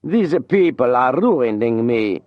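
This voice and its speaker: A man voicing a flamboyant male Italian opera singer, with a slow, theatrical, drawn-out delivery. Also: on the low side, no echo, lo-fi sound. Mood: dramatic.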